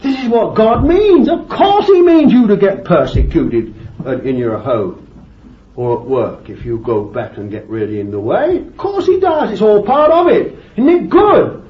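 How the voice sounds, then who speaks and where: A man's voice: high-pitched, sing-song, measured pace. A man preaching a sermon with fervent exclamations of praise and bursts of laughter. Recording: echoey, dull, lo-fi recording with faint noise.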